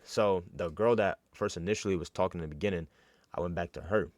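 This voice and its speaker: A man's voice: low-pitched, fast talker, no echo. A young man from New York telling a casual, slangy story with lots of fillers and restarts.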